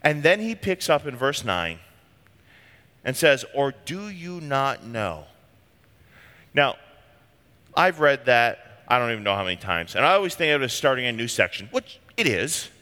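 A man's voice: medium pitch, very animated, normal speed, sharp tone, big-room sound. A man preaching a sermon as a pastor, talking in an emphatic, conversational way.

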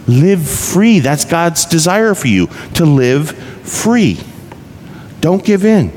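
A man's voice: a little high, big pitch swings, slow, darkish tone. A pastor preaching a conversational sermon, asking his listeners rhetorical questions. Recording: reverberant hall, faint background noise.

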